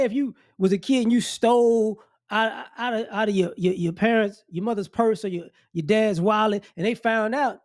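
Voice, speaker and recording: High-voiced guy ranting at the camera, blunt, scolding, kinda mocking, keeps repeating himself. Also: dry recording, clean studio sound. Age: adult. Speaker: commentary channel host. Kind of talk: opinion rant to camera.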